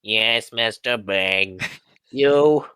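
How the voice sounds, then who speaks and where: Brief: a man as a strict school secretary, very slow, bright pointed delivery, dry sound. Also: fairly low pitch, clean tone, no room sound, exaggerated voice. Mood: stern. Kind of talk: amateur stage play reading.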